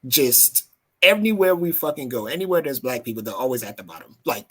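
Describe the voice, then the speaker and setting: A man's voice: mid-range voice, lively intonation, fairly quick, pushed and bright, slight background noise. A man on a casual podcast, speaking with passion in a lecturing way and swearing. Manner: impassioned, lecturing, profane.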